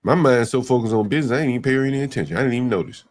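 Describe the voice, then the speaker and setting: A man's voice: medium pitch, very fast. A man hosting a casual livestream chat, talking emphatically and repeating words to stress his point. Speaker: livestream host.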